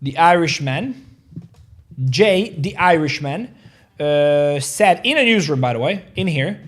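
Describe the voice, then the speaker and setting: A man with a fairly high, expressive voice speaks slowly while hosting a crypto trading livestream. He rambles casually, swears freely, reads viewer comments, and jokes with viewers about their likes.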